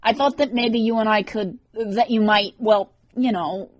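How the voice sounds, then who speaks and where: Wisecracking teen demon guy read by a woman, defensive and sardonic, audiobook, raised pitch. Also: fairly even intonation, unhurried, close to an everyday voice. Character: brash teenage male demon, sardonic loner.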